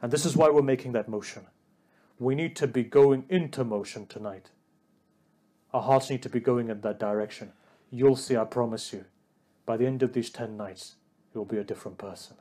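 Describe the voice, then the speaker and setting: A man's voice: mid-range voice, moderate pace, mellow. A man delivering an emotional religious sermon, addressing the congregation directly and building to a raised, pleading delivery. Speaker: preacher.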